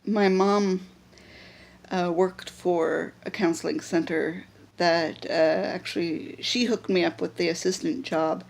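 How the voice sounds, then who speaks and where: A young woman talking unscripted to a handheld camera in a personal vlog, rambling with lots of fillers and restarts. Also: lowish voice. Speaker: vlogger.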